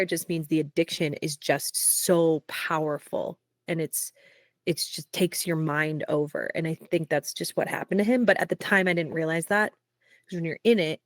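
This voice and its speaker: A young woman, a singer-songwriter, talking candidly in a casual interview, peppering her speech with "like" and quick laughs. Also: low-pitched, dry recording, clean studio sound. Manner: frequent "like" fillers, quick laughs.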